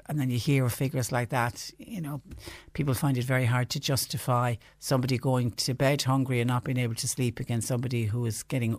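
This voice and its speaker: A man's voice: mid-range voice, no room sound. A man with an Irish accent hosting a radio phone-in show, talking in a chatty, indignant way and firing off rhetorical questions. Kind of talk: radio talk show monologue. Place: radio studio.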